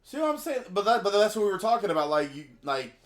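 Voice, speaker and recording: A man co-hosting a podcast, talking in a casual, slangy, animated way. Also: high-pitched, quick pace. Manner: animated, slangy, mocks voices with bursts of laughter. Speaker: podcast co-host. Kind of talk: casual chat.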